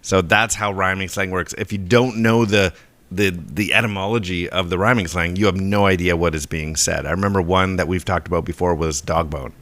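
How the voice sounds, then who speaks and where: A deep-voiced podcast co-host chats casually about where a phrase comes from, explaining in a relaxed way while stumbling and restarting his sentences. He speaks a little fast. The recording is dry and close, with no room around it.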